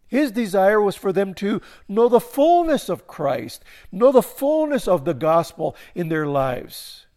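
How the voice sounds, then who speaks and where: A man's voice: very animated, a little slow, hardly any pauses, a little mellow. Repetitive, emphatic male preacher. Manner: repeats words and restarts phrases, rising to emphatic peaks then dropping low. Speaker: pastor. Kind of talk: sermon.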